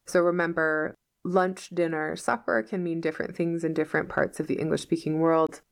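Woman English teacher, patient and methodical, lowish voice with vocal fry. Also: steady tone, moderate pace. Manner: patient, step-by-step, checks with "right?". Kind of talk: explaining a novel to learners.

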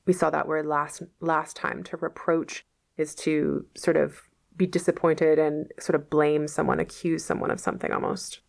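Low gravelly woman reading to learners. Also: level tone, moderate pace. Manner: patient, explanatory, casual asides. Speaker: teacher reading a novel aloud. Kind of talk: reading aloud and explaining words.

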